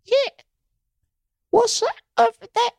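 A man's voice: extremely high pitch, steady tone, slow pace, vocal fry, no echo, studio quality, pitched above the performer's own voice, full character voice. A man voicing a hungry, polite little boy who skateboards, with a put-on British-sounding accent and a meek, pleading manner.

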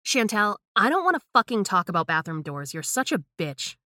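A woman voicing a loud, brash, drunk young woman who slurs her words. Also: medium pitch, sing-song, fairly quick, no room sound, clean studio sound. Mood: snapping.

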